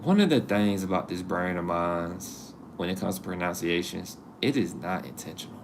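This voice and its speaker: A man's voice: deep voice, moderate pace, background noise. A man hosting a casual live stream, joking with his viewers and laughing at himself as he talks. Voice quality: laid-back and joking, talks to chat. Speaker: livestream host.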